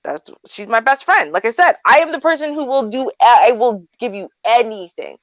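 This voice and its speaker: A woman's voice: on the high side, sing-song, moderate pace, dry recording. A woman in her thirties hosting a livestream, telling a personal story in a blunt, candid, talkative way. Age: 30s. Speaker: livestream advice host. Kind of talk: casual storytelling chat. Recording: dry, dull lo-fi sound.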